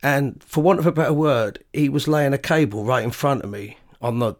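A man's voice: medium pitch, normal speed. A man hosting his own podcast, telling a rambling tour anecdote with self-corrections and chuckling asides. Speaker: podcast host and bandleader. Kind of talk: casual anecdotal storytelling.

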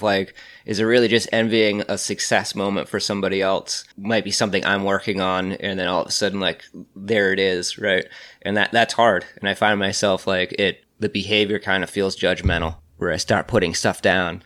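A man with a very low voice talks things through in a relaxed podcast conversation. He reflects out loud, circling back with fillers and restarts. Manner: thoughtful, many fillers and restarts.

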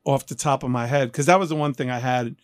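A man in his fifties from New York hosts a casual interview with plenty of jokes and acted-out anecdotes. His voice is mid-pitched and the sound is close and dry. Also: fast, dry recording. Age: 50s. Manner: animated, jokey, acts out voices in his anecdotes. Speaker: podcast host.

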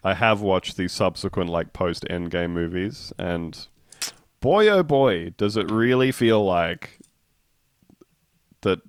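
A man's voice: low-pitched, lively intonation, slow, long pauses, clean tone, dry recording. A man hosting a podcast in wry, jokey casual chat. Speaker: podcast host.

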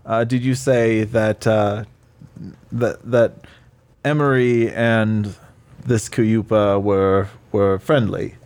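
A man's voice: lowish voice, steady tone, slow pace, darkish tone. A man in a tabletop role-play chat, questioning witnesses in a mock trial, talking hesitantly with many fillers and restarts.

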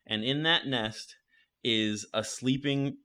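A man narrating a tabletop game as game master, casual and halting, with frequent restarts. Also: mid-range voice, pushed and bright.

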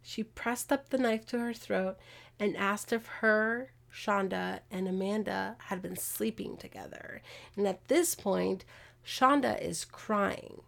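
A woman with a touch of vocal fry hosts a casual true-crime podcast. She tells the case in a conversational way and throws in exasperated comments. Her pitch sits in a middle range. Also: slow pace. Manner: animated, acts out quotes, exasperated asides. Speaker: podcast host.

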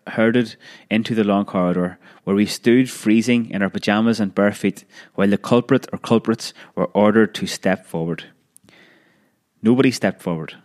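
Low-voiced man reading a memoir. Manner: measured, with occasional restarts. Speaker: narrator.

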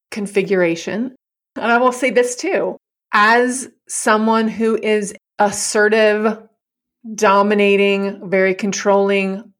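A woman talking frankly and animatedly in a casual chat, often with a laugh in her voice. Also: mid-range voice.

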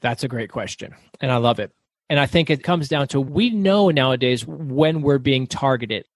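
A middle-aged man telling stories as a guest author in an interview, talking fast and loud. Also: mid-range voice, dry recording. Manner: fast, loud, animated storyteller. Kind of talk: storytelling interview.

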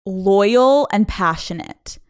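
A young woman, a comedian guest on a podcast, talking in an animated, emphatic way with quick asides. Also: medium pitch, clean tone. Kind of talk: casual interview chat.

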